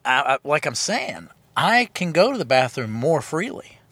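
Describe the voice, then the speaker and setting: A man co-hosting a casual comedy podcast, joking in a dry, crude, deadpan way. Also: fairly high pitch, normal speed, husky, dry recording. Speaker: podcast co-host.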